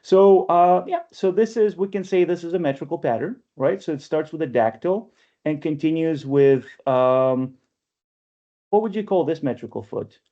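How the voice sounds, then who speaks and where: The voice is male, fairly high in pitch, at normal speed. As an online poetry workshop instructor, he explains things in steps and keeps tossing in "right?" to check on listeners, recorded in lo-fi through a video call.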